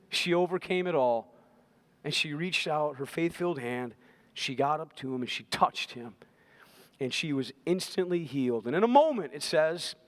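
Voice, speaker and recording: A man preaching a sermon emphatically, repeating phrases and swelling to loud, intense passages. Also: a little high. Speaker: pastor.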